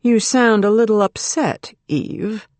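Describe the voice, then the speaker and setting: Audiobook role: sneering male villain with soft threat, done by the narrator, dry studio sound. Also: medium pitch, expressive, measured pace, no echo. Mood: mocking. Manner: mocking, soft-spoken menace. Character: threatening male kidnapper, mocking and cold. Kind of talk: audiobook character reading.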